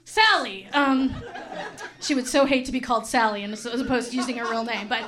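Middle-aged woman comic, high voice, blunt and profane, rambling stand-up storyteller. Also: fairly even intonation, fast talker, a bit bright, slight background noise. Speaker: stand-up comedian. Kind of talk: stand-up comedy.

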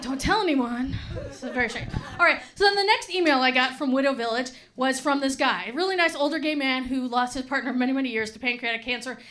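A woman's voice: high voice, fast talker, few pauses, a bit bright. A woman doing a stand-up comedy set, chatty and laughing, with lots of "like" and "right?".

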